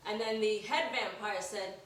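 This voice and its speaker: A woman's voice: medium pitch, normal speed, slight background noise. Middle-aged woman telling a story, echoing. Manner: animated, acts out voices. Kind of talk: live storytelling performance. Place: performance room. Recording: echoey room from far off.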